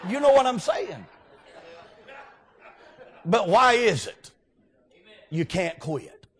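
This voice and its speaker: A man preaching a folksy revival sermon as a guest preacher, often breaking into shouts. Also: high-pitched, sing-song, slow pace, slightly rough, some chatter behind. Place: church sanctuary.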